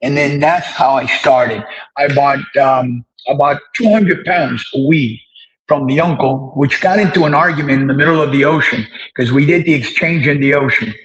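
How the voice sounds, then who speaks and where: An older man, an interview guest, telling stories from his past in a casual, animated way and acting out the dialogue. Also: medium pitch, moderate pace, highs cut off. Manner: animated storyteller who acts out dialogue.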